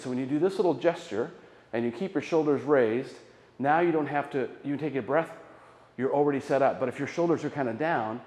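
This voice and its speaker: A man of ordinary pitch leads a choral warm-up, encouraging the singers and counting each breathing exercise aloud. His voice rings through a large, echoing hall with a long reverb tail. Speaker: choir director. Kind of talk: guided vocal warm-up instruction.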